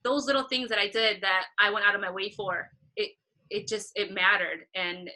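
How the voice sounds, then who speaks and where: A woman's voice: normal speed, rough recording. A woman in her thirties being interviewed about her career as a concert photographer, telling stories with energy and acting out past conversations in a raised voice. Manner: animated storytelling, acting out past dialogue in a higher voice.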